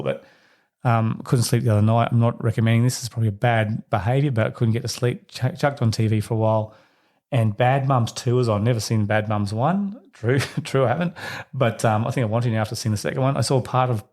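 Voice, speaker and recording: A man hosting a solo parenting podcast, talking to listeners in a reflective, conversational way. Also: a little mellow. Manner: acts out quoted voices in a higher pitch. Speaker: podcast host.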